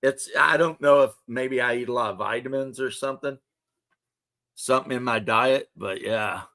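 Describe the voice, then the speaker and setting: A thirtysomething livestream host talks casually to his viewers, his banter loose, rambling and joking. He speaks at normal speed with a medium pitch and a sharp tone.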